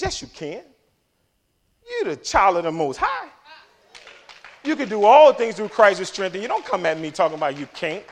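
A man preaching a passionate sermon, swinging from low murmurs to loud emphatic declarations. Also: big pitch swings, normal speed, pauses often.

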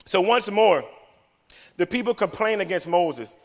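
A man preaching a sermon, swinging from hushed remarks to shouting and tossing in joking asides. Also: fairly high pitch, measured pace.

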